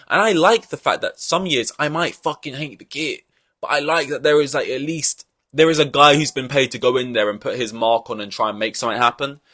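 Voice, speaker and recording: A man hosts a casual podcast, ranting with blunt, profane opinions in a rambling way. His voice is medium in pitch with a sharp tone, captured as clean studio sound with no room noise.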